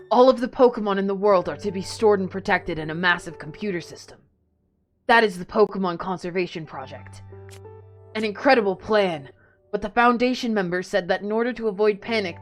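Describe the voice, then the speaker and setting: A woman voicing a secretive male hacker, reading his confession in a low, measured tone. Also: natural voice.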